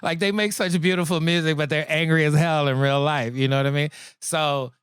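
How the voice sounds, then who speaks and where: Smooth-voiced comedian chatting. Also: male voice, a little high, brisk, no room sound, clean studio sound. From Virgin Islands. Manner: lively, laughing, acts out voices. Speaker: comedian guest. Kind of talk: casual interview chat.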